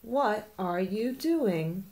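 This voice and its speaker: A woman reads a children's picture book aloud at a very slow, deliberate pace. Her voice swoops up and down with lots of melody, and she plays along with little voices and goofy laughs. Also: mid-range voice, lively intonation, dark tone. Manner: playful, does small voices and silly laughs.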